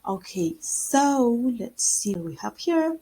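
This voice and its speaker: A woman with a Spanish accent, a native Spanish speaker, teaching English in a casual video lesson, slow and hesitant with many fillers and restarts. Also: fairly high pitch, very animated, mellow, slightly rough, rough recording.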